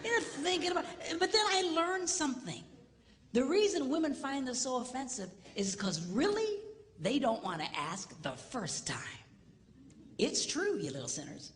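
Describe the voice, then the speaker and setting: A middle-aged pastor delivers a comedic marriage seminar with a lively, bouncing voice, teasing his audience as he tells his stories. His voice rings out through a reverberant hall, with a faint hum of room ambience underneath. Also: extremely high pitch, moderate pace. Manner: animated storytelling, teasing the audience. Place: large hall before an audience.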